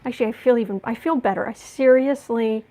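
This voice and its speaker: A woman's voice: on the high side, quick pace, mellow. A woman giving a casual tarot reading, musing aloud and often restarting or repeating words. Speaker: tarot reader.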